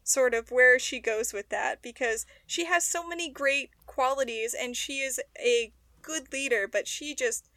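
A woman's voice: sits high, no room sound. A young woman co-hosting a podcast, chatting casually and laughing easily as she recaps a TV episode. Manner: chatty, animated, quick to laugh. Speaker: podcast co-host.

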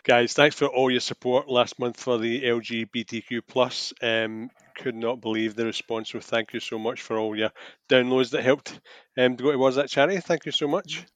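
Podcast co-host, middle pitch voice, dry sound, eager rambly chat. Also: male voice, steady tone, normal speed, no room sound. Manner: chatty, enthusiastic, talks in run-on thoughts.

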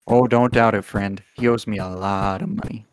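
A man doing a calm, menacing polar bear boss. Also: on the low side, moderate pace, slight background noise, natural voice.

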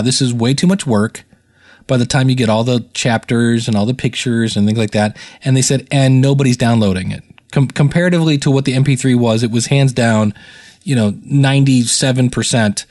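A man's voice: mid-range voice, darkish tone. An American man hosting a podcast in a chatty, rambling, self-deprecating way. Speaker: podcast host. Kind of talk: casual solo podcast talk.

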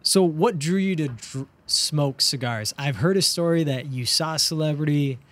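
A man's voice: on the high side, moderate pace. A man hosting a casual interview, asking curious questions and tossing in short replies of agreement. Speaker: interviewer, host.

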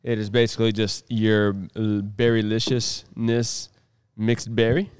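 Podcast co-host, male, smooth clear voice, jokey banter. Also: on the low side, level tone, measured pace, darkish tone, dry recording, clean studio sound. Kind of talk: casual chat.

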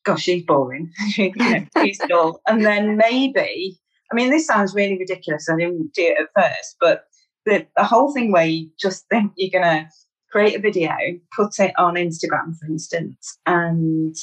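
A woman's voice: fairly low pitch, normal speed, rough recording. Mancunian woman talking candidly. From Manchester, England. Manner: candid, self-deprecating, with fillers. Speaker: guest. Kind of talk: podcast interview.

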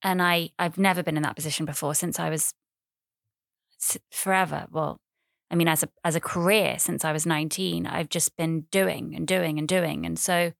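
A woman in her thirties hosting a podcast talks solo in a loose, chatty ramble, often self-deprecating and prone to repeating herself. Her low, gravelly voice keeps a fairly even intonation and a moderate pace. There's no room sound, just a clean studio recording.

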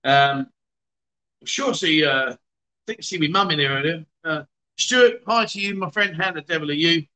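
A man's voice: fairly high pitch, moderate pace, sharp tone, rough recording. Chatty hungover male host. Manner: chatty, greets viewers by name, self-mocking. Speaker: livestream host. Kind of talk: casual livestream chat.

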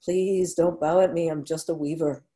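A woman reads the part of a gentle male weaver in a spoken story, soft-spoken and calm with a lightly amused ease. The voice sits low and mellow. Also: normal speed, lightly acted.

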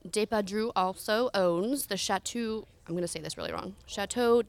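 A woman's voice: mid-range voice, moderate pace, vocal fry, no echo. A young adult woman co-hosting a casual podcast, chatty and self-deprecating as she runs through her notes. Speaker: podcast co-host. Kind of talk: casual chat.

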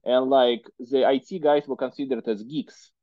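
A man's voice: mid-range voice, steady tone, moderate pace, no echo, dull audio. A man in his thirties from Russia with a Russian accent, chatting as an interview guest and filling his talk with "like" and "you know". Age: 30s. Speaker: guest entrepreneur. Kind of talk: casual interview conversation.

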